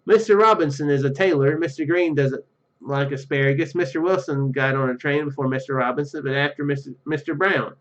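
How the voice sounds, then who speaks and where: A coldly logical officer from a comedy adventure game reasons in a dry, deadpan manner, as a man reads him. The voice sits a little high. The audio is dull and lo-fi. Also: fairly quick, natural voice. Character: coldly logical pointy-eared male officer.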